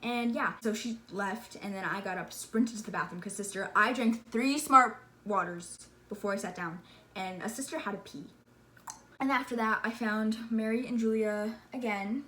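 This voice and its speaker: A woman telling a story in a casual vlog, excitable and gushing, filling her talk with "like" and calling her listener "sister.". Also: medium pitch, moderate pace. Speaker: vlogger.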